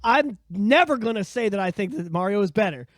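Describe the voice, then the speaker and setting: High lively joking man on a podcast. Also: fairly quick, no echo, clean studio sound. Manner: joking, playful, jumps between high and low pitch. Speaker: podcast co-host. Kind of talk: casual chat.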